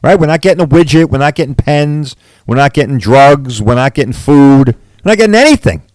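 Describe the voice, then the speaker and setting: A man's voice: medium pitch, steady tone, moderate pace, a little mellow, no echo. A middle-aged man, a body shop owner hosting a podcast, talking bluntly and repeating "all right" and "right?" as he rants. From Long Island, New York. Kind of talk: casual podcast rant.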